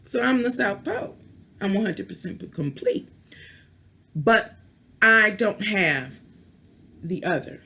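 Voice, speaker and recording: A woman's voice: mid-range voice, lively intonation, slow, long pauses, bright, forceful tone. A woman vlogger and tarot reader rambling in a casual rant, chatty and playful, with sultry, knowing asides. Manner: chatty, rambling, with restarts and playful beeping sounds.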